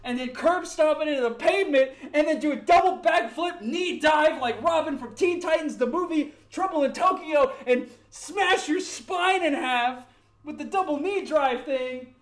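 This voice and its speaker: A man's voice: very high voice, moderate pace. A young man ranting dramatically while playing a game at home, pacing around and moving closer to and farther from his mic. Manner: rambling, dramatic, self-mocking; paces about the room, moving toward and away from the mic. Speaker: gaming YouTuber. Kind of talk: ranting gameplay commentary. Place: home room at his computer. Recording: echoey room, varying distance from the mic.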